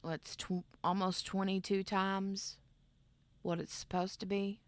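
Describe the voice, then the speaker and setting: A woman's voice: mid-range voice, flat delivery, unhurried, no room sound. A woman hosting a casual craft livestream, chatting in a rambling way and reading out viewer comments. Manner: rambling, chatty, reads chat aloud. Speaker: craft channel host.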